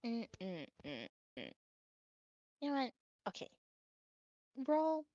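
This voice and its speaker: A woman narrating as game master, relaxed and chatty. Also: a little high, slow pace, lo-fi sound, slight background noise. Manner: relaxed, with fillers and laughs.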